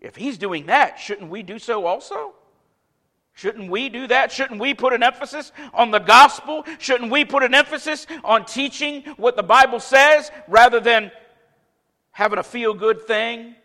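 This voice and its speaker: A man's voice: very high-pitched, normal speed, bright, forceful tone. A man preaching a sermon as pastor in a church, emphatic, with many rhetorical questions. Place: church sanctuary. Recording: long reverb of a church hall.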